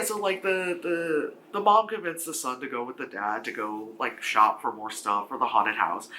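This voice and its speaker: A man reviews a film in a casual, rambling way, packing his talk with "like" fillers and swearing. Every so often he acts out characters with sudden high shouts.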